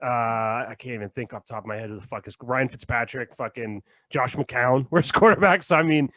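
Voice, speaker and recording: A man co-hosting a podcast in casual chat, loose and profane, laughing often and trailing off quietly at the ends of thoughts. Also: mid-range voice, a little fast. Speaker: podcast co-host.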